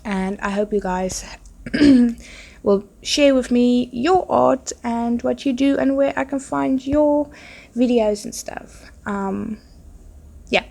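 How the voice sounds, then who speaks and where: A woman's voice: on the high side, slow pace, creaky, mellow. A woman who is sick with a nasal, congested voice, chatting casually and rambling with many fillers as a podcast host while she paints.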